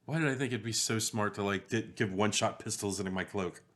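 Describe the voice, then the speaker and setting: Low-voiced wry man in casual chat. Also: a little fast, fairly bright tone. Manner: dry, wry, mimics gun sounds. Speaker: podcast co-host.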